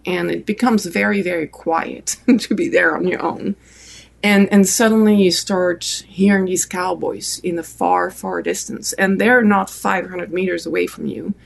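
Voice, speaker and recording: A middle-aged woman from France with a French accent, a guest telling a story in a relaxed, animated way, with many restarts and fillers. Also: lowish voice, a little slow, gravelly. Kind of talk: casual storytelling.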